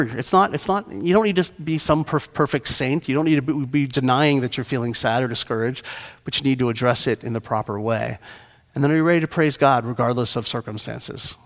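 A man preaching a sermon as pastor, earnest and repeating key phrases for emphasis. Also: mid-range voice. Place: church sanctuary. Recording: long hall reverb.

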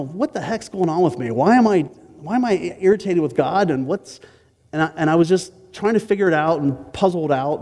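A pastor preaching a sermon, telling a personal story with self-mocking asides to the congregation. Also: male voice, a little high, dark tone, long reverb tail.

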